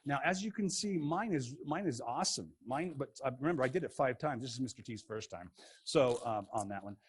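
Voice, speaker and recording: Goofy, excitable male teacher with a husky voice. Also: mid-range voice, brisk. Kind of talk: playful science demo for kids.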